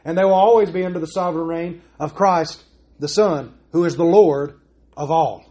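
A man preaches from the pulpit, his voice pitched high for a man. He is earnest and emphatic, pressing his points home and leaning on rhetorical questions. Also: moderate pace, darkish tone. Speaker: pastor. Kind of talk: sermon.

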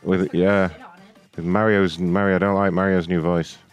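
A man hosting a comedy prank call show, calmly posing as a corporate complaints agent. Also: low voice, moderate pace, smooth, faint music behind. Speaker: prank caller host.

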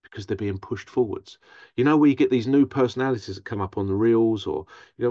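Male therapist, animated solo talk, close and dry, a bit muffled. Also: mid-range voice, quick pace, no echo. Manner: animated, mimics others in raised voice. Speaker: therapist and podcast host. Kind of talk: casual monologue.

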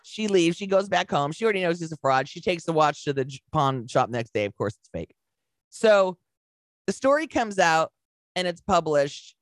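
A woman co-hosting a podcast, retelling a story with lively acted-out quotes and casual swearing. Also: low-pitched, normal speed, dry recording. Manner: animated storyteller acting out quotes, swears freely. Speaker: podcast co-host. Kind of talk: casual chat.

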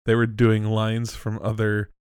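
A man co-hosting a podcast in casual chat, joking and animated, often bursting into laughter. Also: lowish voice, unhurried, smooth, no echo, clean studio sound. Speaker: podcast co-host.

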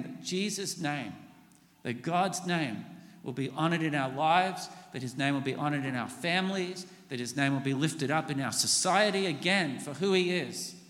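A man's voice: a little high, bright, forceful tone. A man preaching a sermon in a church, earnestly leading the congregation through the lines of a prayer. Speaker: pastor. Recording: long hall reverb.

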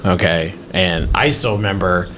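A low-voiced man co-hosts a podcast at a moderate pace, with a faint hiss or hum in the background. He tells stories in a casual chat, animated and lively, acting out the quotes of the people involved.

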